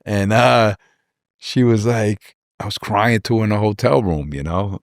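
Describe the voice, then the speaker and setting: A man's voice: fairly low pitch, unhurried, no echo, studio quality. A man in his forties, a rapper guest telling rambling personal stories in a casual interview, repeating words and acting out what people said.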